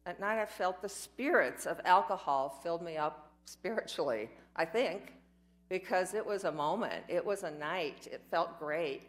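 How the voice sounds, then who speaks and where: A woman's voice: fairly low pitch, expressive, moderate pace. An older woman telling her life story in a candid, rambling way, with self-mocking asides. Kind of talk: personal storytelling talk.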